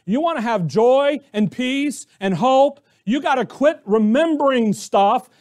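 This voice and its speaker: High-voiced man preaching with rhetorical questions. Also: lively intonation, unhurried, a little mellow. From Arizona, US. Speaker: pastor. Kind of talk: sermon.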